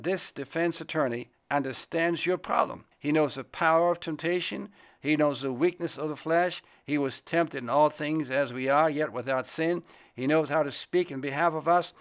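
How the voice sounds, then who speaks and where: A man preaching a sermon with fervor, rising in volume when he quotes scripture. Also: medium pitch. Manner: fervent, swells louder on quoted words of scripture. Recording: dull lo-fi recording.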